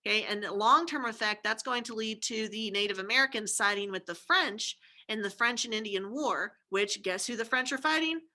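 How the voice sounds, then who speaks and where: A woman's voice: on the high side, moderate pace, sharp tone. A woman giving a recorded history lecture, chatty and informal, often checking in with "okay?" and throwing in jokey asides. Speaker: history teacher.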